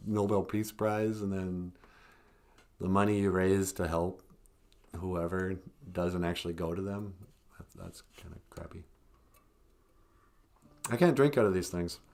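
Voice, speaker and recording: A man chatting casually on a live stream, rambling, chuckling often and trailing off quietly. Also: lowish voice.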